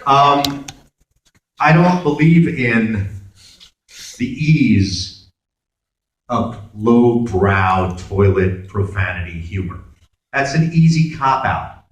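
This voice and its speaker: Animated Brooklyn man in an echoey hall. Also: medium pitch, extremely slow, pauses often, far from the mic. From Brooklyn, New York. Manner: animated, acts out dialogue in voices. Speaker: convention panel guest. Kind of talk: convention Q&A storytelling. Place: large convention hall. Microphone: camera in the audience, far from the speaker.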